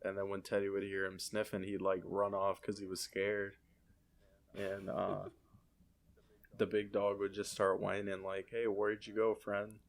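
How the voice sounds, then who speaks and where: A man hosting a podcast, telling relaxed, rambling stories in a casual chat. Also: low voice, measured pace, creaky. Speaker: podcast host.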